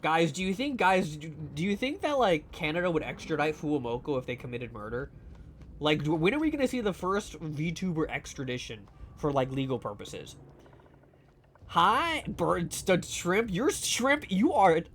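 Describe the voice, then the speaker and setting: A man's voice: a little high, big pitch swings, normal speed, a bit bright, a little hiss or hum. A man streaming a game live, chatting casually in a rambling, profane, teasing way full of fillers. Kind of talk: casual live gameplay chat.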